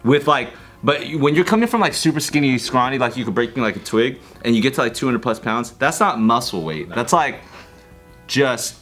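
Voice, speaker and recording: A man's voice: mid-range voice, lively intonation, moderate pace, fairly bright tone, soft background music. A man on a podcast telling a rambling, profane story, full of fillers. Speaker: podcast guest. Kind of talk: casual chat.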